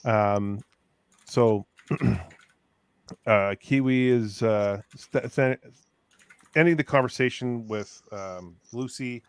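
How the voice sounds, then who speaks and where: A man's voice: medium pitch, very slow, long pauses, smooth, no echo. A man hosting a casual review chat, recapping scenes in a rambling way with many fillers. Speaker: podcast host.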